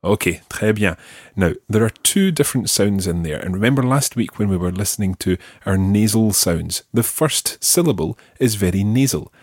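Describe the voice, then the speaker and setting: A Scottish man leads a language lesson in a husky, low voice. He shapes each French word slowly and carefully so it can be repeated back. The sound is dry and close. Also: animated, darkish tone, no echo. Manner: slow, careful modelling of French words for repetition. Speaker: language teacher.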